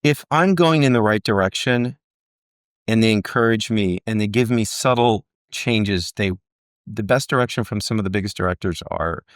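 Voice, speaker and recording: A man's voice: on the low side, normal speed, no room sound, studio quality. A middle-aged man, an actor, telling stories from his career in a casual interview and acting out the people he quotes. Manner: animated storyteller, acts out quotes. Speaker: actor guest.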